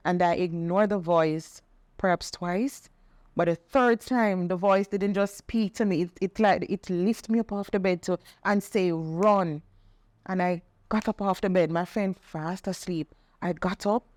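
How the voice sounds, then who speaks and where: A middle-aged woman, telling a personal testimony in conversation, earnest and animated when she quotes others. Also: on the low side, measured pace, no echo. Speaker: podcast guest sharing testimony.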